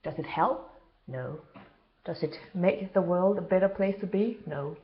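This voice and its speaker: A woman speaking in a casual monologue as a self-described healer, earnest and halting, often pausing to search for words. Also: on the low side. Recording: slightly dull lo-fi recording.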